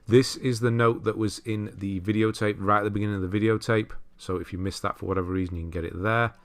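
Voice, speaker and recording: Low-voiced man commentating gameplay. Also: fast, smooth. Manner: relaxed, chatty, laughs at himself, self-correcting. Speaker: walkthrough commentator.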